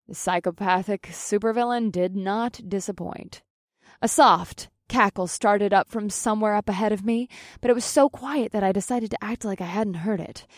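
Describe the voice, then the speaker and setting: A woman narrates a first-person audiobook in a plain-spoken way, dropping casual curses. Her voice sits at a middle pitch. The recording is close and dry. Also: dry recording.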